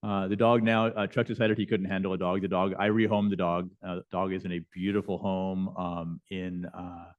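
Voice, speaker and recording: A man with a lowish voice tells stories from his chaplain work during a lecture. He speaks conversationally, with many fillers and false starts. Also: flat delivery, normal speed, few pauses, muffled recording. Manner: conversational, with frequent fillers and restarts. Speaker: bishop and chaplain. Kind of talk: lecture storytelling. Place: lecture hall.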